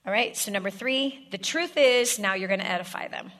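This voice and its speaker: A woman delivering a sermon with a bright, forceful tone. She talks straight to her listeners, walking them through step-by-step scripts and checking in with repeated questions. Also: mid-range voice, fairly quick. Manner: direct, coaching the audience with scripts and repeated questions.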